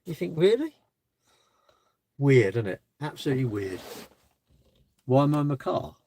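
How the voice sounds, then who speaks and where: A man's voice: mid-range voice, big pitch swings, normal speed, dark tone, husky, no room sound. A man chatting on a live stream from his parked car, rambling and asking rhetorical questions. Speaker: livestreamer. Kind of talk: casual live stream chat.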